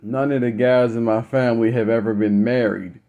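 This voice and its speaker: A man's voice: mid-range voice, fairly even intonation, moderate pace, warm tone, highs cut off. Blunt, profane young man ranting. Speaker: vlogger. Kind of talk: casual storytelling rant.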